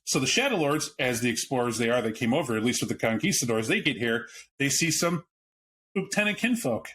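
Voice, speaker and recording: Talking a little fast, this podcast host has an expressive, fairly bright mid-range voice, with a slight hiss or hum in the audio. He covers a tabletop game book bluntly and casually, swearing at times and backing up to rephrase as his thoughts form.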